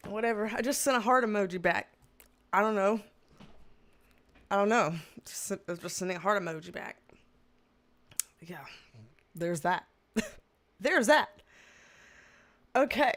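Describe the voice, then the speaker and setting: A woman's voice: mid-range voice, expressive, unhurried, long pauses, fairly bright tone. A woman in her thirties hosting a casual livestream, reading comments and chatting with exasperated humor and frequent laughter. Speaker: tarot livestream host.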